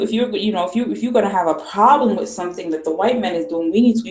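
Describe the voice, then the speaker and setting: Woman vlogger, mid-pitched, ranting and emphatic, lots of rhetorical questions, roomy echo. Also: darkish tone. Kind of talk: ranting commentary. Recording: echoey room.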